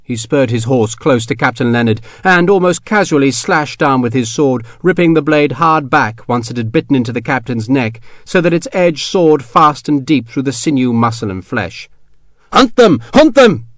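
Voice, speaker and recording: A man narrating an audiobook in a steady, measured storytelling voice. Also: medium pitch, no echo, studio quality. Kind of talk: scripted narration.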